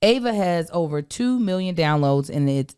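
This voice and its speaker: A woman's voice: on the low side, expressive, moderate pace, dark tone, clear, resonant tone. A woman co-hosting a podcast who reads a sponsor spot casually, stumbling and correcting herself. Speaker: podcast co-host.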